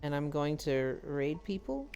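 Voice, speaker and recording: A woman streamer talks in a low-set but very animated voice, jumping between grumbles and loud bursts and swearing freely. It is a casual live-stream chat with faint music underneath. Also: measured pace, clear, resonant tone, muffled recording. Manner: animated, swears often, exaggerated outbursts. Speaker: livestreamer. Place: at home in VR.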